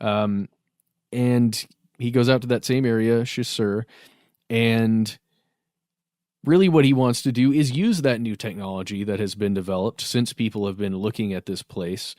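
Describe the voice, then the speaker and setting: A man's voice: mid-range voice, measured pace, no room sound, studio quality. A man co-hosting a podcast, talking through ideas in an easy, conversational way. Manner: relaxed, thinking aloud. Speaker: podcast co-host. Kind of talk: casual conversational chat.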